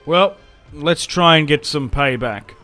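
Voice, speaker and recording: A man's voice: on the high side, unhurried, faint music behind. Chatty young man commentating a game. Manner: chatty, reacts loudly to setbacks, self-mocking laughs. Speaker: gaming YouTuber. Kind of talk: casual gameplay commentary.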